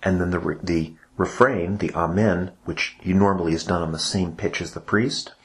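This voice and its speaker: A man's voice: low voice, fairly even intonation, normal speed, few pauses. A man explaining, step by step, how cantors lead a church service, in a patient instructional podcast. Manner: patient explaining, breaks into chanted examples.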